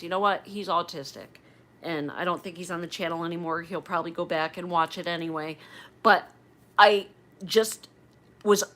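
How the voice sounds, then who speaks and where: A woman's voice: medium pitch, a bit bright. A woman in her fifties chatting on a livestream, rambling and emotional as she tells family stories. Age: 50s. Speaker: livestream host. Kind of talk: casual livestream chat.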